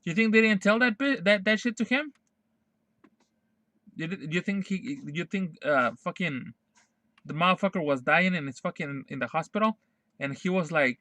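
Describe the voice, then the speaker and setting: A man's voice: high-pitched, expressive, normal speed, long pauses, bright, forceful tone, dry recording. A man streaming a casual ranting monologue, profane and emphatic, repeating his points over and over.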